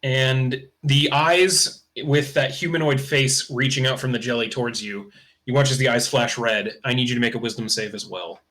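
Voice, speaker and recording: A man running a tabletop game as game master, describing the scene in a relaxed, offhand way. His voice sits at a middle pitch. He fills the narration with easygoing fillers. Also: moderate pace. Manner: casual, loose narration with fillers like "kinda" and "uh".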